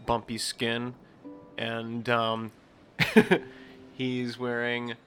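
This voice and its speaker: A man's voice: medium pitch, completely flat delivery, extremely slow, a bit bright, faint music behind. A man narrating a tabletop game as game master, describing scenes hesitantly with chuckles.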